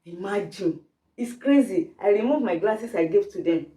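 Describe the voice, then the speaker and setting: Middle-aged Nigerian woman, Yoruba first language, lively storyteller, echoey room. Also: medium pitch, normal speed. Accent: Nigerian English. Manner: animated storytelling, acts out voices, laughs while telling. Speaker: storyteller guest, the host's mother. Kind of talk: candid family conversation. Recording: roomy, distant mic.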